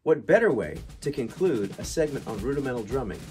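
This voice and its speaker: A man's voice: mid-range voice, animated, a little fast. A male host introducing guest drummers and closing the show. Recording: distant mic with loud music.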